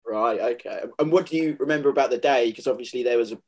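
A friendly man hosts a conversational interview, his voice at an ordinary middle pitch. He builds his questions slowly and loosely, circling before he lands on the point. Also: darkish tone. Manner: friendly, asks long rambling questions. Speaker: interviewer, host.

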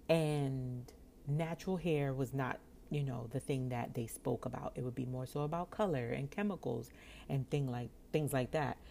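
A woman vlogger with an extremely low-pitched voice tells a personal story, animated and expressive, acting out the other people's voices and laughing often. There's slight background noise.

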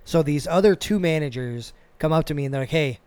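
A man hosting a podcast, telling a work story in a casual, animated and profane way. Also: on the high side, brisk, clean tone, no room sound. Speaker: podcast host.

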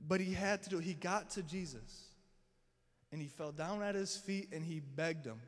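A man's voice: fairly high pitch, moderate pace, long reverb tail. A man preaching a sermon to his church, telling a scripture story dramatically and voicing the people in it. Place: church sanctuary.

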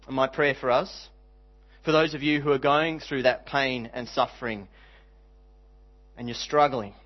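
Male pastor, sermon, earnest, slows for emphasis, mid-pitched voice, slightly dull sound. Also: fairly even intonation. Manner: earnest, slows for emphasis, reads scripture aloud.

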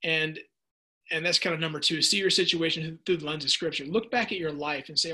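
Middle-aged guy preaching on air, husky and kinda high, gets fired up and stammers. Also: brisk. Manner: passionate, repeats words when excited. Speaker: radio preacher. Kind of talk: sermon with listener texts.

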